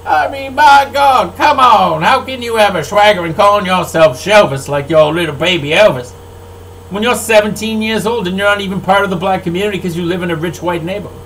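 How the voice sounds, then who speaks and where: An older man who owns a record label, delivering an angry, profane, rambling monologue that swings between loud outbursts and low mutters. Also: fairly quick, a little hiss or hum, low-quality recording.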